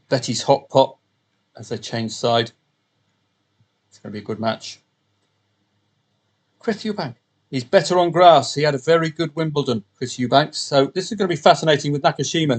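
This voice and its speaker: Rambling male podcast tipster. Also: medium pitch. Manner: rambling, with jokey asides and self-corrections. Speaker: podcast host and betting tipster. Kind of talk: casual solo commentary.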